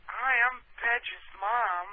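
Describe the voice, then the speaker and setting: A man's voice: extremely high pitch, extremely slow, voice pushed up, exaggerated voice. A man putting on the voice of a drunk, slurring middle-aged woman with a nasal drawl, over a phone line. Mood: mocking. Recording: tinny phone line with faint hiss.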